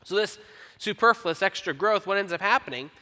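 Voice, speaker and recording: A man preaching a sermon as pastor, conversational and self-deprecating, reading scripture slowly. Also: high-pitched, expressive, pushed and bright. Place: church auditorium. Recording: long church hall reverb.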